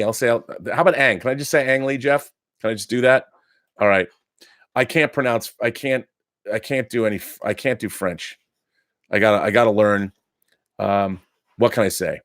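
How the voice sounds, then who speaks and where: A man's voice: lowish voice, moderate pace, fairly bright tone, dry recording, studio quality. A middle-aged man hosting a casual live stream, chatty and enthusiastic, restarting sentences often. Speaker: live show host reading viewer letters.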